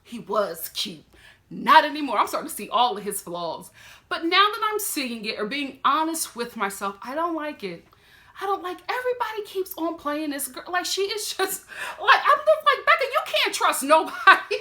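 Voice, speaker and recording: A woman's voice: high-pitched, big pitch swings, normal speed, pushed and bright. A woman with a Southern US accent giving sassy, emphatic commentary as a vlogger reviewing a reality show. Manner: sassy, emphatic, talks straight to the camera and the show's people. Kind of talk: animated casual commentary.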